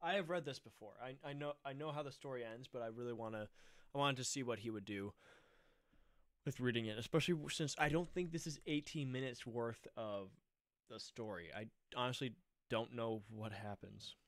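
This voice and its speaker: A man's voice: medium pitch, a little fast. A young man streaming, talking in a chatty, laid-back way. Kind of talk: casual stream chat.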